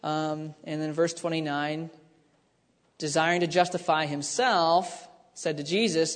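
A man's voice: fairly high pitch, fairly even intonation, measured pace. A man preaching a conversational sermon, teaching with frequent restarts and asides. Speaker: pastor. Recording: long hall reverb.

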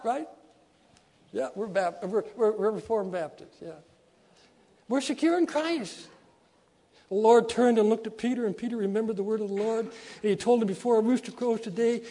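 A man preaching a sermon as a pastor, repeating key phrases and swinging between soft low lines and loud emphatic ones.

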